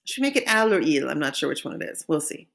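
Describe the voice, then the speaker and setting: Woman teaching French slowly. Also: deep voice, sing-song, creaky, fairly bright tone. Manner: slow modeling of phrases for repetition. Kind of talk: recorded classroom lesson.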